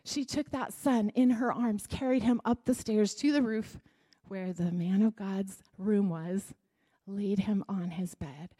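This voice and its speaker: A woman's voice: mid-range voice, dark tone. A woman teaching a Bible story in a conversational sermon, often asking the audience questions.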